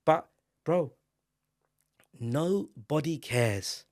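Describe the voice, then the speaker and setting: A man, co-hosting a casual podcast, emphatic and animated, climbing to loud exclamations. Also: a little high, extremely slow, dry recording, clean studio sound. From England. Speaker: podcast co-host.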